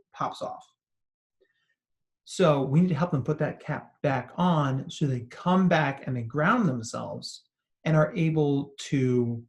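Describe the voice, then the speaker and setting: A man with a slightly higher voice gives an animated talk to parents and educators. He explains like a psychologist, tells stories and asks the listeners questions. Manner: animated storytelling with acted quotes and asides. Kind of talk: expressive talk to an audience.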